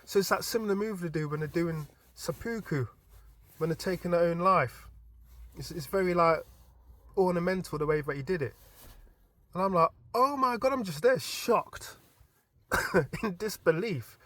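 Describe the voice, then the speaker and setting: A man casually telling a story from his dream as a vlogger, animated and informal, often stumbling and restarting his words. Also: high voice, moderate pace, no room sound. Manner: animated retelling with frequent stammered restarts; informal and chatty.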